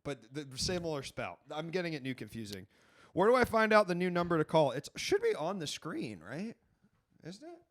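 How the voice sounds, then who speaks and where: Man, stream host, animated pitch, rambling, swears a lot, small studio. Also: a little fast. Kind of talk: casual live-stream chat.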